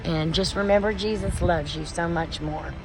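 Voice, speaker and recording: A woman talking slowly in a halting, filler-filled way, grieving as she speaks to her vlog audience. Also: lowish voice, over music, rough recording. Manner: slow, halting, with many fillers. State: emotional, grieving. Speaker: homestead vlogger. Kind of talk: personal vlog to camera. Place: outdoors.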